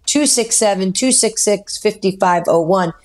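A woman co-hosting a talk radio show as a mortgage expert, explaining loans in a brisk, practical way. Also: medium pitch, a little mellow.

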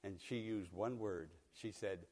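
A man's voice: lowish voice, unhurried, a little mellow, big-room sound. An older man from Pennsylvania preaching a sermon, telling a folksy story and chuckling often. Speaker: pastor. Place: church sanctuary.

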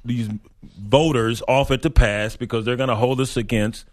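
A man's voice: mid-range voice, normal speed, dry recording, studio quality. A man co-hosting a sports talk show, chatting casually and laughing often. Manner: animated, laughs often, teasing.

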